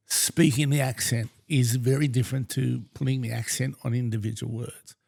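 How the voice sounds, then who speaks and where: Male co-host, husky and gravelly, articulate and dryly funny. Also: medium pitch, fairly even intonation, darkish tone. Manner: measured, articulate, dry humour. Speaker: podcast co-host. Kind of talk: casual podcast chat.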